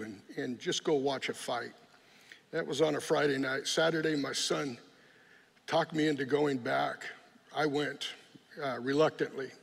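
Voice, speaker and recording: A middle-aged man from San Jose tells his testimony in an earnest, plainspoken way. His voice sits a little high, with gravel and a husky edge. It rings out in a hall with long reverb. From San Jose, California. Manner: earnest, plainspoken, with frequent restarts. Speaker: guest giving testimony. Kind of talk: personal testimony.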